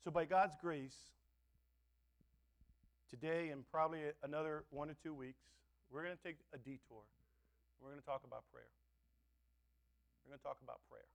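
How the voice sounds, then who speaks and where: High-voiced preaching man. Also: steady tone, normal speed, gravelly, long pauses. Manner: dynamic preaching, swinging between loud stresses and soft asides. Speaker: pastor. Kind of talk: sermon. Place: church.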